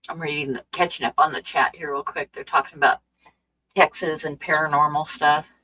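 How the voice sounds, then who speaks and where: A woman hosting a livestream, chatting upbeat and casual, reading chat and tossing in quick agreements. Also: sits low, fairly even intonation, bright, forceful tone, breathy edge, low-quality recording. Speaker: livestream host.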